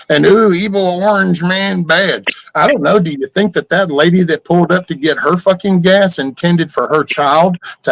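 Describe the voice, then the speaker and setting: An older man with a drawl holds forth on his livestream, his voice sitting a touch high. He rambles through exasperated, cussing rhetorical questions. The sound is close and dry. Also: fairly bright tone, no room sound, low-quality recording. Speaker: livestream host. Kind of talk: casual ranting chat.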